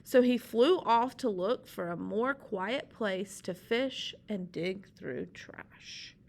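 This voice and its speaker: A woman reading a children's story aloud, with gentle asides explaining it to listeners. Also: medium pitch, lively intonation, slow, gravelly, a little hiss or hum.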